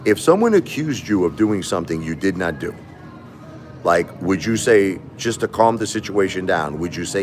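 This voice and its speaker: An aggrieved man talks straight to his live-stream viewers in a casual monologue. He repeats himself and keeps asking them rhetorical questions. His voice sits fairly low, and faint music plays behind him. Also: big pitch swings, normal speed.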